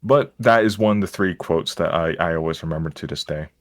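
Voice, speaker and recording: A man's voice: low-pitched, fairly quick, no echo, clean studio sound. A man, a stream guest, telling stories in casual chat, rambling and self-mocking with frequent restarts.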